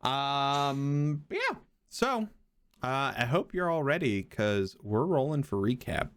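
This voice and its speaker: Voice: medium pitch, sing-song, takes it slowly, clear, resonant tone, no room sound, clean studio sound. A laid-back game host chatting casually and swearing freely before the recap. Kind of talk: casual tabletop game chat.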